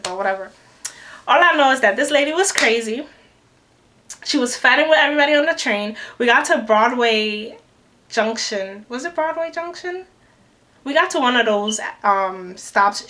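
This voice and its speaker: A young woman in a storytime vlog, animated and acting out the people she quotes. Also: fairly high pitch. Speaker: vlogger. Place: New York City.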